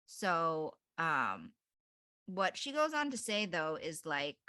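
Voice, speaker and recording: A woman's voice: low-pitched, sing-song, slow pace, sharp tone, no echo, studio quality. A woman co-hosting a book club podcast, chatting casually and reading passages aloud with hesitant fillers. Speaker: podcast co-host.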